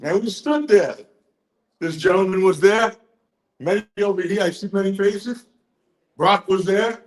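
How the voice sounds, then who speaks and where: A man in his sixties giving a rambling, profane, excitable speech to a crowd, a little drunk. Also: high-pitched, measured pace, long pauses, reverberant, low-quality recording. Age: 60s. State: tipsy. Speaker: conference speaker.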